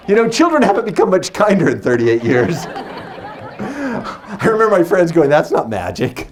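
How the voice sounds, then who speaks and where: A man's voice: sits high, wildly swooping pitch, normal speed, pauses often, crowd noise. A man in his forties performing as a magician. He uses a stage microphone and mixes playful stories with teasing banter with his audience. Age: 40s. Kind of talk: live stage patter with storytelling.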